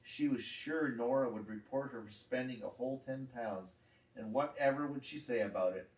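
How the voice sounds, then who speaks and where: A man reads a children's chapter book aloud, calm and steady in his storytelling. His voice is mid-pitched and sits back from the mic in a roomy space. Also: normal speed, recorded from a distance.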